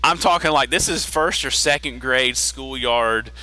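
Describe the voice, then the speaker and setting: A man's voice: mid-range voice, unhurried, pushed and bright, rough recording. A man hosting a podcast, casually recapping a TV episode, chatty, restarting sentences and laughing often. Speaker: podcast host.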